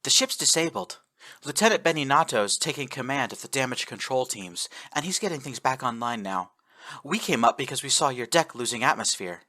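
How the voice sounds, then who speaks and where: A man's voice: mid-range voice, expressive, brisk, bright, forceful tone. A man voicing a tough female space marine sergeant who speaks in clipped, matter-of-fact lines. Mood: brisk.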